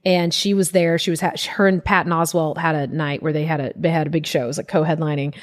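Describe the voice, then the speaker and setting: Woman comic, young adult, lowish voice, animated storyteller who acts out quotes. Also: fast. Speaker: guest comedian. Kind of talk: casual storytelling.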